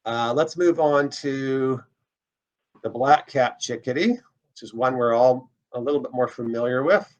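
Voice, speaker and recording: A man's voice: medium pitch, measured pace. A man teaching a casual online birding lesson, explaining step by step as he plays bird recordings. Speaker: birding instructor.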